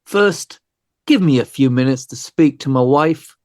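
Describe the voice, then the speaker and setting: A man voicing a calm, self-absorbed British killer in a casual, chatty manner. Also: medium pitch, unhurried, no echo, clean studio sound, close to an everyday voice.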